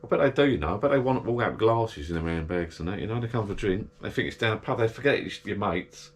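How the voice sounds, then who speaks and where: A man's voice: fairly low pitch, animated, fast talker. A man chatting casually to an action camera in his garden shed bar, rambling and grumbling. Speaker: vlogger.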